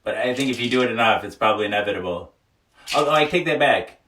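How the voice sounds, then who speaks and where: A man's voice: medium pitch, lively intonation, fast, a bit bright, far from the mic, slight background noise. A man hosting a casual livestream, reading viewer comments aloud, often laughing and joking frankly. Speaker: livestream host. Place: small wooden sauna. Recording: echoey room, voice away from mic.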